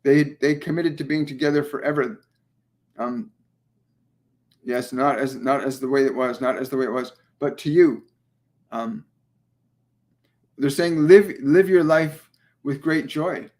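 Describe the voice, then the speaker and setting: A man hosting a live spiritual Q&A as a medium, speaking gently and soothingly, often repeating his phrases and pausing on ums. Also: medium pitch. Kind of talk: livestream channeling session.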